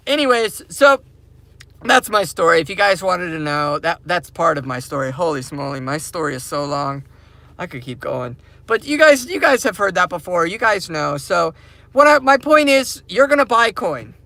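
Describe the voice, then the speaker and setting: A man's voice: on the high side, creaky, bright, forceful tone, no echo. A man hosting a crypto mining channel, ranting casually to his viewers from inside his parked car, repetitive and emphatic.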